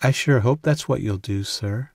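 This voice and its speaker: A man voicing a young woman, raised and breathy. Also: mid-range voice, normal speed, dry recording, studio quality, lightly acted. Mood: coy. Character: young woman, sly and desperate, feigning submission.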